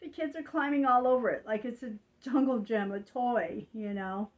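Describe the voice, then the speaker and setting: An older woman talking slowly and rambling in a confiding way, with frequent fillers. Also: fairly high pitch, narrow, tinny audio. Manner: slow, rambling, confiding, with frequent "you know". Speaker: vlogger. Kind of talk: casual monologue.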